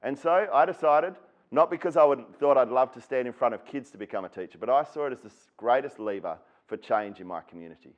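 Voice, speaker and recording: An Australian man speaks at an education symposium, telling a personal story in an earnest, straightforward way. His voice sits at an ordinary pitch for a man. The recording sounds somewhat dull and lo-fi. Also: fast talker. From Western Australia. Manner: earnest storyteller who acts out quoted people. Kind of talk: personal storytelling keynote talk.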